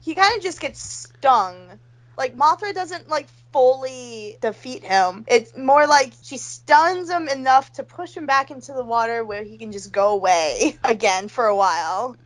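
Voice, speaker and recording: A woman's voice: sits high, lively intonation, measured pace. A woman co-hosting a podcast in casual chat, playfully chiming in with corrections. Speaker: podcast co-host.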